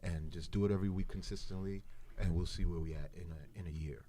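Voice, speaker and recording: A man's voice: deep voice, fairly even intonation, quick pace, dark tone, slight background noise. A man in his forties from Brooklyn, New York, telling a rambling story on a podcast and acting out the voices of people he quotes. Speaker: podcast cast member. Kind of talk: casual storytelling chat.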